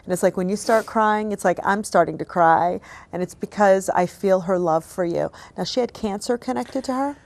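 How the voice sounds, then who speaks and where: Woman, psychic medium giving a reading, soft and apologetic, emotional, mid-pitched voice. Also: normal speed, vocal fry. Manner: gentle, apologetic and emotional, often dropping to a soft hush.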